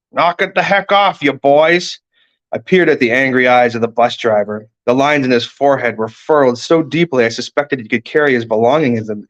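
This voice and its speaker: A man, an author, reading his own first-person fiction aloud in a steady storytelling manner. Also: medium pitch. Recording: dull lo-fi recording.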